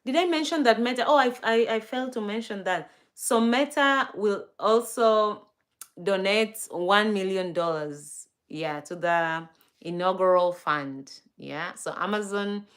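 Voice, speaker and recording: A woman's voice: medium pitch, unhurried, fairly bright tone. Cheery woman chatting on a live stream, talking news and saying hi to viewers. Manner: chatty, greets viewers by name; upbeat, laughs between items. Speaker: livestream host. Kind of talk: casual livestream news chat.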